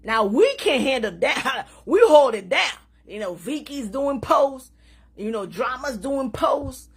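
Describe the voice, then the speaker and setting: A woman hosting a casual live stream, talking in an animated way, laughing often and mixing in Creole phrases. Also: high-pitched, takes it slowly, slightly rough. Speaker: social media live host.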